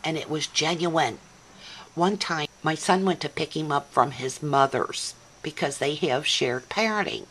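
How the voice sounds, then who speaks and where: An older woman hosting a scrapbooking video, chatting warmly and sentimentally about her layouts and her grandson at home. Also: low-pitched, measured pace, husky. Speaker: scrapbooking channel host. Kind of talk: casual craft video chat.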